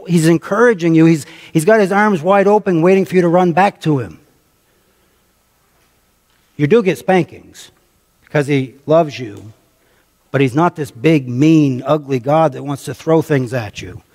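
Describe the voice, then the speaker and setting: A man's voice: fairly high pitch, normal speed, a little mellow. Preaching man in a reverberant church. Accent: American. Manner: conversational preaching, calls on the congregation, repeats phrases for emphasis. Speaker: pastor. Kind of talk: sermon. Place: church sanctuary. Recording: long reverb of a church hall.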